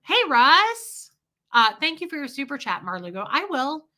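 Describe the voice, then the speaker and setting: A woman's voice: high voice, very animated, normal speed, bright, forceful tone. A woman in her forties hosting a casual livestream, telling personal stories candidly with a sassy edge. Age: 40s. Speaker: livestream host.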